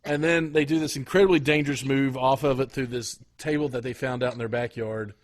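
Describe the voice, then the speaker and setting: A podcast co-host chats casually in a mid-range male voice, neither high nor low, with fairly even intonation. He rambles through his stories, full of fillers, pauses, restarts and hunts for words, and the tone stays loose and conversational the whole way.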